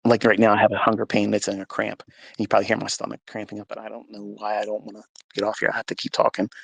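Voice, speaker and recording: A man's voice: fairly low pitch, monotone, very fast, gravelly, fairly bright tone, husky, dry recording. A man telling an emotional personal story of faith, earnest and emphatic, acting out the dialogue as he goes. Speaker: speaker sharing a personal testimony. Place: at home. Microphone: phone for a live audio chat.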